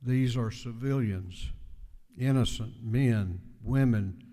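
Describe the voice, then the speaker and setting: A man giving a measured, deliberate floor speech as speaker of a legislative house. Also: medium pitch, warm tone. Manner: measured, deliberate oratory with emphatic repetition. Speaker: house speaker presenting a resolution. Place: large legislative chamber. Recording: long hall reverb in a chamber.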